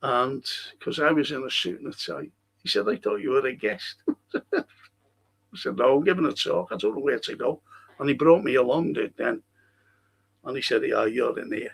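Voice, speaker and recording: A man's voice: medium pitch, expressive, normal speed, vocal fry, pauses often, breathy edge. A man with a Liverpool accent hosting a fan stream, rambling through viewer comments, swearing freely and laughing at his own stories. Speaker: host of a fan live stream. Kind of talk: casual chat reading viewer comments.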